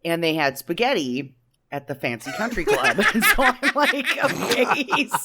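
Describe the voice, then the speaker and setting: A man co-hosting a podcast, joking about a movie in an excitable, sweary way and acting out his own reactions. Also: high voice, moderate pace, a loud crowd. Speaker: podcast co-host. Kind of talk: casual comedic movie review chat.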